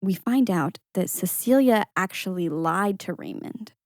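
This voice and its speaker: A young woman co-hosts a casual podcast, retelling a film scene by scene. She slips into high, animated voices when quoting characters and laughs often. The sound is dry and close to the mic. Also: unhurried, no room sound. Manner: animated storytelling with high-pitched quoted voices and frequent laughs. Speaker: podcast co-host. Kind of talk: casual movie recap chat.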